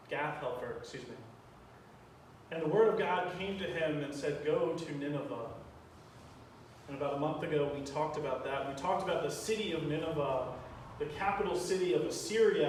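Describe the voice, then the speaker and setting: A man, a pastor, retelling a Bible story in a sermon and acting out the prayers he quotes. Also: fairly high pitch. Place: church sanctuary. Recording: echoey church from a distance, faint hiss.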